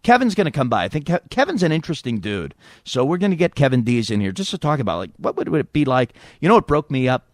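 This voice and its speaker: A man hosting a casual comedy podcast, joking and rambling between quick impressions. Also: medium pitch, sing-song, dry recording, clean studio sound. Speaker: podcast host.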